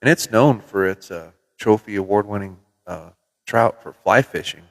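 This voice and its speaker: A middle-aged man from Minnesota hosts a casual livestream from his CB radio shop, spinning relaxed, folksy stories with the odd swear word. His voice sits a little low. The room gives it a long, hall-like reverb. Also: normal speed. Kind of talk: casual livestream chat with viewers. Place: CB radio shop in New Mexico.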